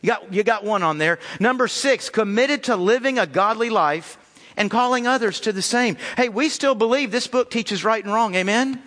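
A male pastor preaching a sermon emphatically, repeating his words and swinging between loud appeals and hushed lines. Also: high voice, normal speed. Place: church sanctuary. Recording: long reverb of a church hall.

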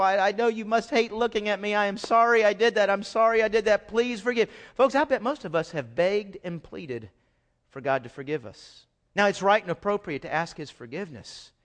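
A male pastor preaching a sermon in an animated way, acting out pleading voices as he goes. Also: high-pitched.

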